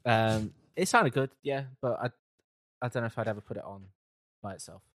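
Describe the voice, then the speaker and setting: Low-voiced man, hesitant and trailing. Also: fairly quick, dry recording, clean studio sound. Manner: hesitant, trailing off, mumbling softly. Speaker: podcast co-host reviewing music. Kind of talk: casual chat.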